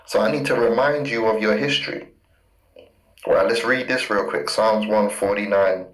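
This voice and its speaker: A man preaching fiercely from scripture, hammering points with repetition and reading verses slowly. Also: fairly low pitch, fairly even intonation. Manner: emphatic, repeats key words, reads verses slowly. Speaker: street preacher. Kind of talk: fiery scripture teaching. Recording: roomy echo.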